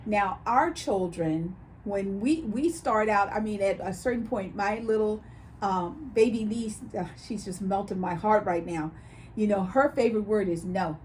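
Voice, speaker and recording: A chatty woman co-hosting a casual talk show, her voice sitting in an everyday middle pitch. She tells stories with animated turns and acts out the voices of people she quotes. A faint noise hums under her voice. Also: measured pace. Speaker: co-host. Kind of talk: casual chat.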